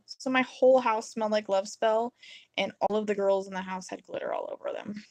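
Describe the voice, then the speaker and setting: A woman in her thirties chatting casually through a home craft vlog, telling playful stories with bursts of giggles and sudden high squeals. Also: level tone, fairly quick, vocal fry, darkish tone. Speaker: craft vlogger.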